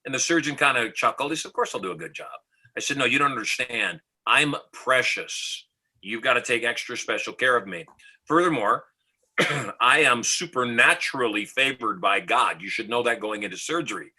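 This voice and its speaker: Brisk and forceful, a middle-aged motivational speaker from the US confidently recounts a story on a podcast, acting out each line of dialogue. His mid-range voice sounds bright and slightly rough over a low-quality recording.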